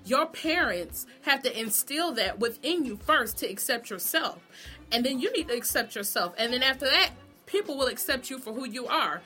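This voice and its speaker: A woman talks straight to camera in a casual, opinionated vlog monologue, cursing freely and laughing as she goes. Her voice sits a bit high and rings bright and forceful. Faint music plays underneath. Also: lively intonation, normal speed. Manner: blunt, profane, sassy, laughs often. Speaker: vlogger reviewing a TV show.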